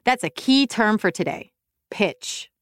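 A woman's voice: on the high side, sing-song, normal speed, dry recording, studio quality. A woman hosting a music lesson for kids, encouraging viewers at home to sing along. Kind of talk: upbeat kids' music lesson.

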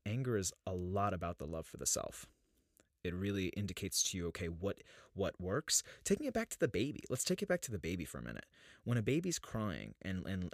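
30s guy hosting a podcast, deep voice, earnest and searching, restarts a lot, dry sound. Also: dry recording. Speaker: podcast host. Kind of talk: reflective spiritual podcast talk.

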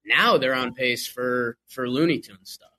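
Bright-voiced animated man talking sports. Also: medium pitch. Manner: animated, quick restarts. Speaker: podcast guest. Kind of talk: casual sports chat.

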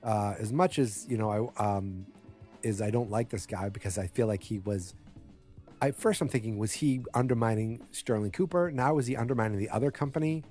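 A man's voice: fairly low pitch, brisk, darkish tone, faint music behind. A man giving a casual spoken recap of a TV episode, rambling with many fillers and self-corrections, and blunt in his opinions.

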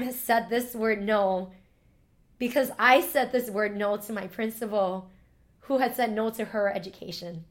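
A woman's voice: mid-range voice, a little slow. A woman, a former teacher, telling a heartfelt personal story in an interview, emotional and full of "like" fillers.

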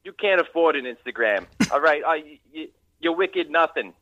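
A man's voice: fairly high pitch, lively intonation, moderate pace, sharp tone, no room sound. A man doing a taunting caller on a dull line. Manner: blunt, taunting, stammering restarts. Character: brash Boston man calling his mom.

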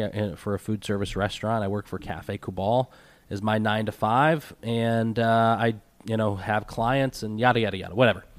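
A man's voice: on the low side, no room sound. A man hosting a podcast, talking casually with a congested, nasal voice from a cold, rambling with self-deprecating asides. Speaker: podcast host. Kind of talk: casual solo podcast intro.

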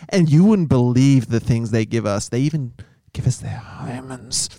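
A man's voice: mid-range voice, animated, moderate pace, dark tone, no echo, natural voice. A camp, sugary male church caller with a put-on American accent, as a man plays it for laughs. He sounds over-polite and sweetly exaggerated, recorded close and dry. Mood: syrupy.

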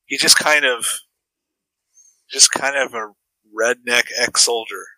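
A man's voice: medium pitch, takes it slowly, sharp tone, no room sound, low-quality recording. A man co-hosting a podcast, giving loose, opinionated takes on a movie and swearing casually. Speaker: podcast co-host.

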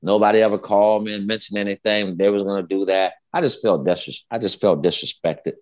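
Man, 50s, low voice, profane, heated, rambling storyteller, interview guest. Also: steady tone, a little fast, darkish tone. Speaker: guest, former basketball player.

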